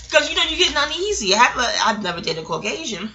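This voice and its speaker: A woman's voice: high voice, very animated, fast talker, bright, forceful tone, slight background noise. A middle-aged woman from New York with a New York accent, telling a personal memoir story in a candid, rambling and profane way. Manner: candid, rambling, profane, chuckles as she talks. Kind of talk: casual storytelling to camera.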